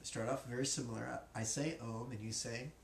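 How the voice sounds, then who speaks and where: A man's voice: mid-range voice, steady tone, brisk, creaky. A man teaching as a spiritual teacher, joking and casual, in a classroom. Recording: echoey room, faint noise.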